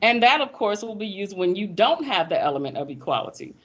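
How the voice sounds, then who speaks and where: A woman teaching math in a classroom, lively and folksy, teasing her students as she explains. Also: medium pitch, brisk, dull audio. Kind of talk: classroom lecture.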